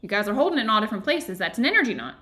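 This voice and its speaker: Woman running a book club live chat, kinda high voice, super expressive, lots of laughs. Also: rapid-fire. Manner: animated, laughs often, talks straight to viewers. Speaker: book club host and yoga therapy teacher. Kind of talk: casual live-stream talk to a chat audience.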